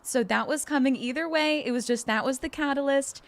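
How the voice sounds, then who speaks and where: Bubbly high-voiced woman streamer. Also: a little fast. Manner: bubbly, effusive, giggly. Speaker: livestreamer. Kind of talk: casual livestream chat with viewers.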